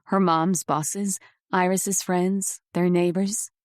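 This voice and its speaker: Calm low-voiced woman narrating. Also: takes it slowly, no echo, clean studio sound. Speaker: audiobook narrator. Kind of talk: scripted narration.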